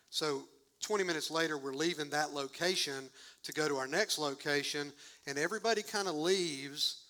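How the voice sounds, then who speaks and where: Male preacher, slightly high, bright and forceful voice, loose and slangy, telling a story from the pulpit. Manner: casual, slangy, animated storytelling. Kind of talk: sermon storytelling.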